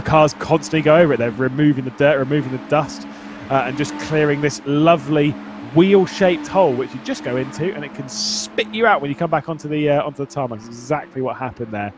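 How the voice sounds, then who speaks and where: A man with an Australian accent, doing laid-back co-commentary on an esports race, often laughing and saying "mate". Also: on the high side.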